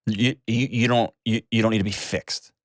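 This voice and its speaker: A man's voice: on the low side, steady tone, normal speed, no echo, studio quality. A man hosting a call-in advice show, talking in a direct, reassuring way and cutting in to steer the conversation. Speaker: host.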